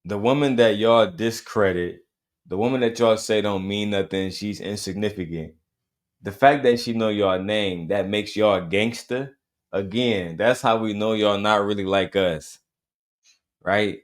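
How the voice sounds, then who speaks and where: A man hosts a reaction commentary show, speaking bluntly in profane street slang and hammering home his points through repetition. His voice is on the low side and a little slow.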